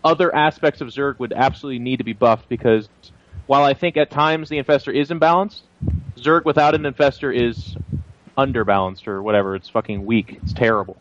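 A man's voice: mid-range voice, steady tone, fairly quick. A man co-hosting a gaming podcast, joking and opinionated with some swearing. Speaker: podcast co-host. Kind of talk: casual gaming podcast chat. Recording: slightly dull lo-fi sound with faint noise.

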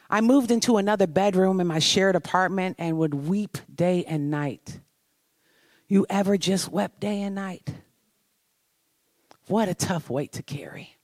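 An earnest woman delivers a devotional message built on her own testimony. She talks slowly and confessionally, pausing to put questions to the listener. The recording is dry and close. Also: medium pitch, dry recording. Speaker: devotional speaker.

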